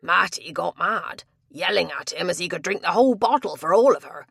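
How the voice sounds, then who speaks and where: A woman reading a big, sulky male tavern tapster with gruff rustic dialect speech. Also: lowish voice, expressive, brisk, a bit bright, dry recording, clean studio sound, full character voice. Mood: grumbling.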